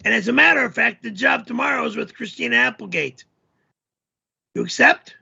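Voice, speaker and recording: A man putting on a shrill, yelling storyteller guy. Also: brisk, vocal fry, breathy edge, muffled recording, full character voice. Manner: yelling, crude and rambling. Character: loud, always-yelling male storyteller character. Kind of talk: comedic character storytelling.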